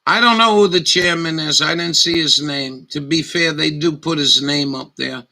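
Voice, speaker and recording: A man's voice: fairly high pitch, moderate pace, bright, forceful tone, low-quality recording. A man giving scornful, profane live commentary over news footage, rambling as he goes. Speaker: livestream commentator.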